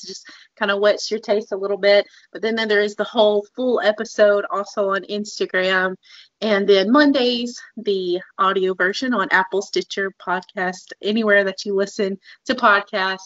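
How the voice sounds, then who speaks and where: A woman's voice: mid-range voice, fairly bright tone, no room sound. Woman cohosting a podcast, earnest and chatty, lots of likes, kinda dull audio. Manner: earnest, talks through examples with many "like"s. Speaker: podcast co-host. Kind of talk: casual podcast chat.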